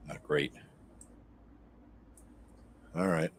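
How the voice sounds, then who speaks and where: A man playing a tabletop game, chatting casually and agreeing quickly. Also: a little hiss or hum. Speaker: player.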